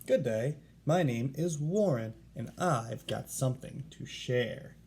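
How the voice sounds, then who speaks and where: Brief: man doing a huffy storybook koala, slightly raised pitch, gravelly edge, punchy emphasis. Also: expressive, takes it slowly, darkish tone, slight background noise. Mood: indignant. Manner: emphatic, stresses exclamations. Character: indignant male koala, fed up with being called a bear.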